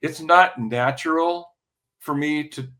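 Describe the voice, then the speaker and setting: Older man telling stories with sharp brightness. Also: a little high, takes it slowly. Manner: animated anecdotal storyteller, frequent restarts and throat clearing. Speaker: podcast guest, music industry veteran. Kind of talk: casual interview storytelling.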